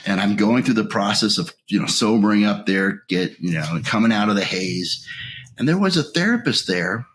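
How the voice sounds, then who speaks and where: Low-voiced man telling a raw story. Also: expressive, normal speed, a bit bright, slight background noise. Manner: raw, emotional storytelling, voice rising when reliving anger. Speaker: interview guest. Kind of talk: candid recovery story.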